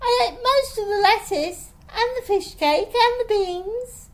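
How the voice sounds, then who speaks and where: A prissy schoolgirl speaks in a high, shrill, indignant voice, as a woman puts her on. She sounds dainty and haughty, straight from a storybook read aloud at home. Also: big pitch swings, slow pace, exaggerated voice. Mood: prim. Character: snooty prim girl at boarding school.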